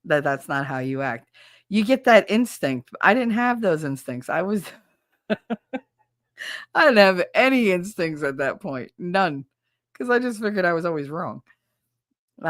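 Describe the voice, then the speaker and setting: Thirties woman streamer, low-ish voice, swearing storyteller, dry close sound. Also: no room sound. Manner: chatty storyteller, swears freely, laughs often. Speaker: livestreamer. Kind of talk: casual chat with viewers.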